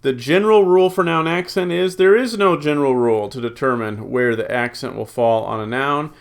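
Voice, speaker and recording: A mid-range male voice with vocal fry leads a recorded Greek class. He works slowly through word forms, reads out the rules, and fills his thinking-aloud with ums and uhs.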